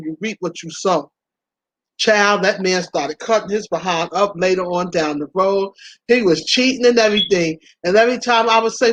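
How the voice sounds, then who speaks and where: A woman's voice: fairly low pitch, dry recording. A woman hosting her own channel, chatting candidly about past relationships, laughing often and talking to listeners as y'all. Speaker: vlog host.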